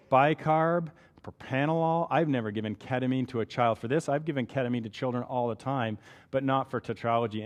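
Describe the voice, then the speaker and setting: A man's voice: medium pitch, a little mellow. Canadian guy teaching doctors, chatty, keeps saying right, big hall echo. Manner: conversational, asks "right?" often. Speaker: physician lecturer. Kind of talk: medical lecture. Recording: long hall reverb.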